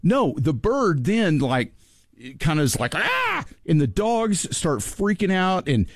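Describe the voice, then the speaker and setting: A man hosting a talk show, telling a story in an animated, excitable way and laughing often. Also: a little high, a little slow, dry recording, clean studio sound. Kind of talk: casual storytelling chat.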